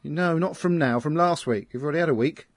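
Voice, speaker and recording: A man's voice: a little high, fairly quick, dry recording. A British man co-hosting a podcast, teasing his co-hosts in a joking way. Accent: British English. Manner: teasing, jokey. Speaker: podcast co-host. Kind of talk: casual chat.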